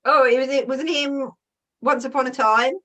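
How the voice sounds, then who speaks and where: A woman hosting a casual interview over a video call, bubbly and quick to laugh. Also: sits high, fairly even intonation, background noise. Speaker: interview host.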